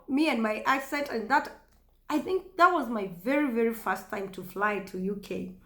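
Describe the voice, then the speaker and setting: A woman with a Kenyan accent telling a story casually to camera, chatty and animated, often laughing. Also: high voice, measured pace. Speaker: vlogger. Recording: echoey room.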